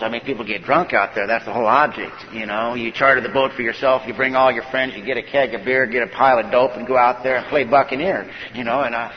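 A man's voice: medium pitch, a little hiss or hum. A man telling his personal recovery story from a conference stage, folksy, often acting out what other people said to him. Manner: folksy storyteller who acts out quoted dialogue. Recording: dull echoey hall recording.

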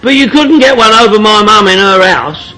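A middle-aged man with a strikingly high voice tells his story to a meeting room crowd. He is blunt and joking, swears freely and laughs through his lines. His tone is bright and sharp. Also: moderate pace, rough recording. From London, England. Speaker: speaker sharing at a recovery meeting. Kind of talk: comic storytelling to a group.

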